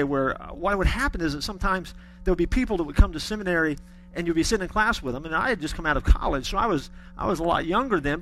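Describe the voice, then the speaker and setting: A man's voice: on the high side, a bit bright, slight background noise. A middle-aged man preaching a sermon, telling stories with folksy humor. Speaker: pastor.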